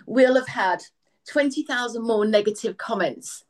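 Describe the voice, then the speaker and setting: A woman's voice: fairly high pitch, moderate pace. A woman guest on a podcast talking frankly, sounding worn out and rambling with restarts. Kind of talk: casual chat.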